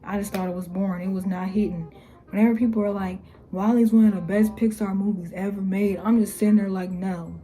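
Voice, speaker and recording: A young woman talking casually to camera, blunt and exasperated, with slangy phrasing and mocking quotes in a higher voice. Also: steady tone, fast talker, mellow. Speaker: YouTuber. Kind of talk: casual opinion vlog.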